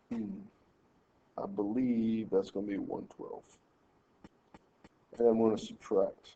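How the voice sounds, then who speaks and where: A man's voice: mid-range voice, vocal fry, mellow, dull audio, a little hiss or hum. A man teaching a math lesson, working through problems step by step and telling students how to lay out their work. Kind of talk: screen-recorded math lesson walkthrough.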